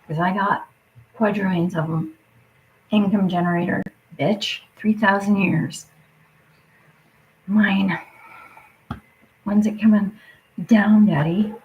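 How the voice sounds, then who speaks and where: A woman's voice: mid-range voice, fairly even intonation, slow, long pauses, a little mellow, muffled recording. Swearing woman ranting in whispers. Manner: swears constantly, drops into muttered whispers. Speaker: livestreamer. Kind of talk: angry profane rant.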